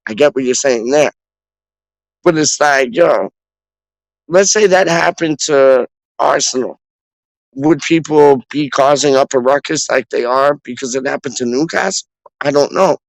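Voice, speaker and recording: A man's voice: a little high, no echo, rough recording. A man from Canada hosting a casual livestream, reading chat aloud and riffing in repetitive street slang. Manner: slangy, repetitive riffing, calls people dog. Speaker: fan channel host reading live chat.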